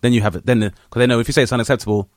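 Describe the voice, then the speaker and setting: A young man chatting on a comedy podcast, quick and excitable, often laughing along. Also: mid-range voice, no room sound, clean studio sound. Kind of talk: casual comedic chat.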